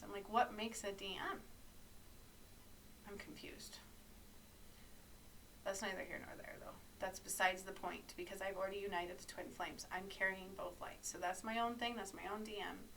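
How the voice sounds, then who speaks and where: A woman speaking as a spiritual healer with urgent, preachy intensity. Her voice sits at an ordinary middle pitch. The mic is set back from her, and a faint hum runs underneath. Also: pushed and bright, distant mic, rough recording. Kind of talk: monologue to camera.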